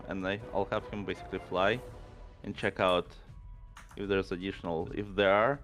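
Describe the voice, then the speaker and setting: A man's voice: deep voice, fairly even intonation, normal speed, a bit bright, faint music behind. A man playing a tabletop game, explaining what his character does. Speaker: player. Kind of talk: casual tabletop game play.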